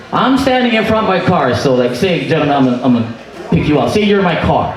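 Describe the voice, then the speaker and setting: A man with a Hawaiian accent telling a stand-up story on a comedy club stage, acting out the dialogue in it. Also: fairly high pitch. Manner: animated, acts out dialogue with shouts. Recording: roomy live room, distant mic.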